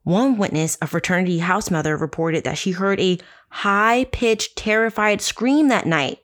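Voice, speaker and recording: A woman's voice: medium pitch, normal speed. A woman hosting a casual true crime podcast, telling the story with sarcastic, profane asides. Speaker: podcast host.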